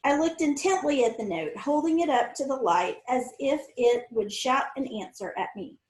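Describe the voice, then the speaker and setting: Woman reading a story aloud, fairly high voice. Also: animated, moderate pace. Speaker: audiobook reader. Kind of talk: first-person novel narration. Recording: roomy echo.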